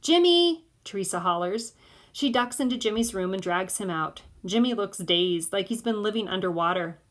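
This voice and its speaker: A woman narrating an audiobook in the first person of a boy, in a measured way. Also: mid-range voice.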